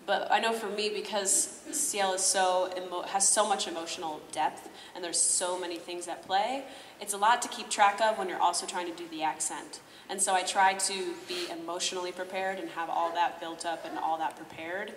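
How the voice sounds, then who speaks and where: A woman who is a voice actress and voice director, chatting and giggling on a convention panel. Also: lowish voice. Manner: chatty, giggly, lots of fillers. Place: large convention hall. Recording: echoey hall from far off, faint noise.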